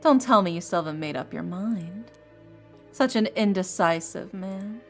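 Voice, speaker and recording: A woman's voice: mid-range voice, expressive, moderate pace, soft background music, natural voice. A woman voicing a cold, menacing woman in a horror mystery game who taunts her victim. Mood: scornful.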